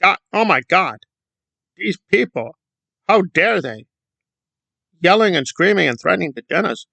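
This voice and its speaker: A man's voice: high-pitched, lively intonation, a little slow, vocal fry, bright, forceful tone, no room sound, voice pushed up, heavily acted. A man mocking a pompous, self-important man. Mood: mock-indignant. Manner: indignant, boastful, sarcastic parody.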